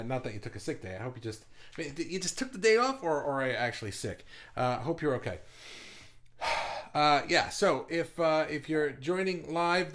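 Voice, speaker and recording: Man, livestream host, casual rambling chat, lots of fillers, middle pitch, desk mic. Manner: rambling, chatty, with many fillers and restarts. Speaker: host of an online art group livestream.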